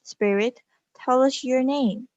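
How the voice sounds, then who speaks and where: A woman's voice: high voice, slow, darkish tone, no room sound, voice pushed up. A woman voicing a theatrical female psychic medium who speaks in a dramatic, eerie way, in a dull lo-fi recording.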